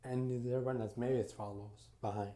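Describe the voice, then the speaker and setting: A man's voice: medium pitch, fairly even intonation, moderate pace, warm tone, reverberant. A man casually retelling a fan story, rambling with lots of fillers and acting out the quotes. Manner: rambling, full of "you know" and "like", acts out quotes.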